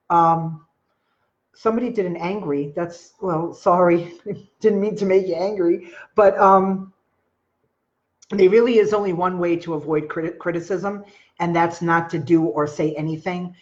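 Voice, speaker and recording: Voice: medium pitch, moderate pace, muffled recording. A live-stream host with a Long Island New York accent, talking casually and rambling to viewers with lots of filler words and greeting them by name.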